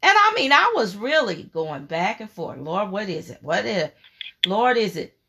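A woman preaching a sermon, fervent and emphatic, repeating key phrases and reading scripture in a slow, measured cadence. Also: medium pitch, big pitch swings, bright, forceful tone, slightly rough.

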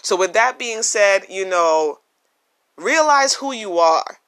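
Recorded on a phone with no microphone, this podcast host speaks at medium pitch with a fairly bright tone. The casual solo monologue is earnest and emphatic, with key phrases repeated.

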